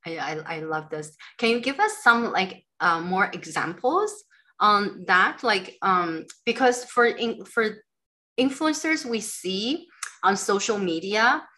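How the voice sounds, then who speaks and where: Woman interviewer, bright voice, hesitant and filler-heavy when asking. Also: medium pitch, expressive, takes it slowly. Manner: hesitant, many fillers while framing questions. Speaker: interviewer, host. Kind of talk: livestream interview.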